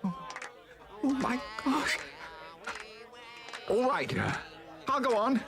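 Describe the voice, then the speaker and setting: A stammering timid mole. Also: male voice, very high-pitched, drawn-out words, background noise, exaggerated voice. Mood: nervous. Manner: stammering, nervous. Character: timid shy male mole. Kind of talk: 1980s stop-motion cartoon acting.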